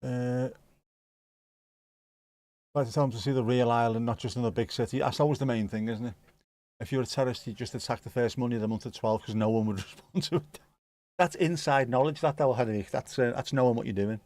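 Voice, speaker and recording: A man's voice: medium pitch, brisk, darkish tone, no room sound. A man hosting a football watch-along stream, chatting casually and joking as he reads viewer comments.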